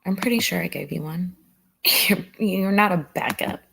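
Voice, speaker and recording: A woman's voice: on the low side, moderate pace, creaky, breathy edge. A woman hosting a casual true crime livestream, chatting with viewers. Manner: chatty, warm toward chat, says "y'all" often.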